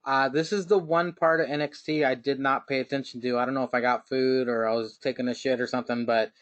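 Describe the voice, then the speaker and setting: A man's voice: mid-range voice, fairly even intonation, fast talker, dry recording. A man hosting a casual podcast chat, loose and joking, putting questions to his co-hosts. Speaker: podcast host.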